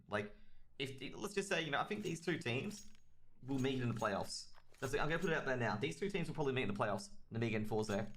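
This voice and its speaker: A man's voice: mid-range voice, fairly bright tone. A man with an Australian accent giving chatty, rambling solo commentary on a livestreamed match and talking straight to his chat. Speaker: esports caster.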